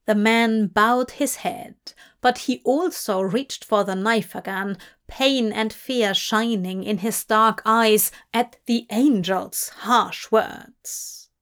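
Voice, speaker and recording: A woman reads a story aloud at a slow, unhurried pace. Her voice sits fairly high, and her delivery stays even and measured throughout. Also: clean tone. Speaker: narrator. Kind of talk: scripted storybook narration.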